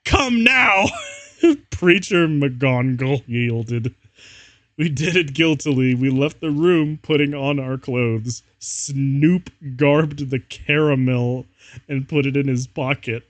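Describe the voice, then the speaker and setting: A male streamer reads fan fiction aloud at an unhurried pace, breaking into laughter again and again. His voice is mid-pitched and sits close and dry, with no room sound around it. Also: steady tone, dry recording. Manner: amused, laughs often while reading.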